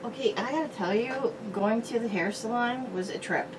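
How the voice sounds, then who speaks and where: A woman's voice: fairly high pitch, normal speed. Sarcastic woman, distant and noisy. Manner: teasing, sarcastic. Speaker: co-host of a beer review channel. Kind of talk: casual banter. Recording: distant mic with background noise.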